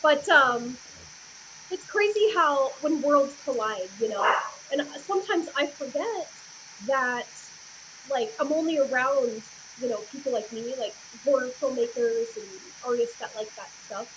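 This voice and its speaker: A woman's voice: sits high, a little slow, a bit bright, slight background noise, poor audio. A woman guest on a horror podcast, chatting casually with many fillers and giggles. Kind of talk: casual chat. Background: dog nearby.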